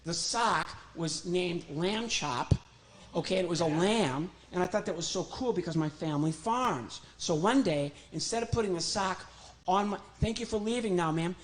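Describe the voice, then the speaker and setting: A comedian and ventriloquist performs stand-up with a puppet from home for a virtual audience, cracking self-deprecating jokes and chatting with the crowd. His voice sits high and moves at a moderate pace. The audio is poor, with a faint hiss or hum.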